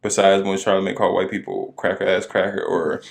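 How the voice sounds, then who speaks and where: A young man with a lowish voice co-hosts a podcast, bantering and joking in an animated way. His delivery is loose and conversational. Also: fairly quick, gravelly. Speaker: podcast co-host. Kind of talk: casual chat.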